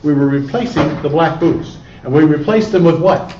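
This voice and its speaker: A man's voice: on the high side, moderate pace, a little mellow, a little hiss or hum. Male Spanish teacher, quizzing style, muffled lo-fi classroom recording from afar. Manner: questioning, coaxing students with repeated prompts. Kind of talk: classroom lesson. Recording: echoey room, distant lo-fi camera audio.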